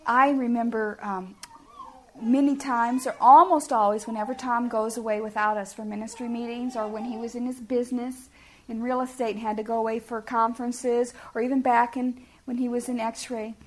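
A woman's voice: a little high, level tone, normal speed, slight background noise. A middle-aged woman giving a sermon-style talk to parents, earnest and homey, often putting questions to her listeners. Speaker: speaker at a family ministry talk.

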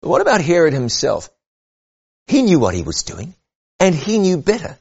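A man preaching a sermon, earnest and measured, rising and falling for emphasis. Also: a little high, huge pitch swings, creaky, darkish tone, breathy edge, dull audio.

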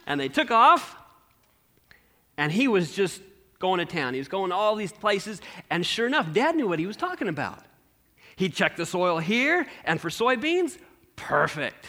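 Animated storytelling preacher man. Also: sits high, normal speed. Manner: animated, addresses the congregation with questions. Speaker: pastor. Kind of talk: sermon storytelling.

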